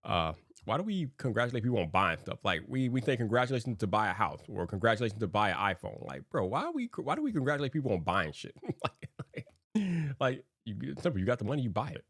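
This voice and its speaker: A young man chats casually on his livestream, slangy and quick to laugh. His pitch swings widely from phrase to phrase. The sound is dry and close, with no room echo. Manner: animated, laughing often, slangy. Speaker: livestream host.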